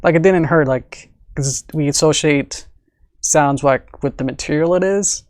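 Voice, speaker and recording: A man with a slightly high voice talks casually on a live stream, rambling and laughing often between thoughts. He fills his sentences with ums and likes. The recording is dry and close, with no room sound. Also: unhurried, no room sound. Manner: rambling, giggly, many fillers. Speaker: animator streaming his work. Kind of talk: casual livestream chat.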